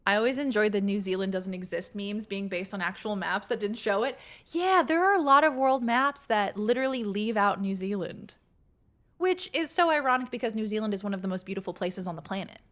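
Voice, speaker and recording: During a relaxed gaming stream, a young woman chats with viewers, thinks aloud, laughs often and curses now and then. Her medium-pitched voice is fairly bright, a little fast and lively in intonation.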